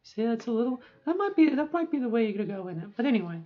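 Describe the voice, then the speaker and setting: A woman's voice: on the high side, sing-song, fast, highs cut off. A middle-aged woman talking candidly and chattily in a personal video diary, often restarting her sentences. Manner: chatty, candid, self-interrupting. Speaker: vlogger.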